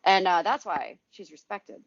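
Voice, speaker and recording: Giggly, animated woman podcast co-host. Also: lowish voice, a little slow, creaky. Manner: giggly, animated, swears then corrects herself. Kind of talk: casual podcast chat. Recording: dry, slightly lo-fi remote audio.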